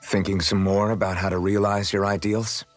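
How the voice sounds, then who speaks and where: A man's voice: on the low side, moderate pace, faint music behind, close to an everyday voice. An actor playing an earnest young male swordsman who proudly shows off his cooking, in a video game. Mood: warm. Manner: eager, proud, lively.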